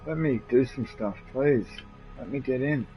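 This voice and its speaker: A man with an Australian accent rambles casually through a live game stream, with plenty of swearing and laughter as he talks to his mates. His voice sits at an ordinary mid pitch. The stream audio sounds dull and lo-fi, with faint game music underneath. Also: normal speed. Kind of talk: casual live-stream chat while gaming.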